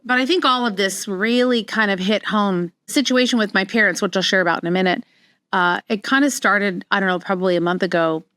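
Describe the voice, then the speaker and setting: A middle-aged woman hosting a casual solo podcast about her practice, telling personal stories candidly and growing animated as she quotes herself. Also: mid-range voice, brisk, smooth, no room sound. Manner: candid, animated when quoting herself, frequent restarts. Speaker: podcast host, wellness practitioner.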